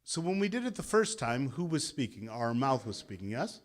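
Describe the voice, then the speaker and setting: Man, thirties, meditation teacher, group chanting, mid-range pitch. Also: very animated, moderate pace. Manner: leads group chanting, call and response. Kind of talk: guided meditation talk. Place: interfaith gathering hall.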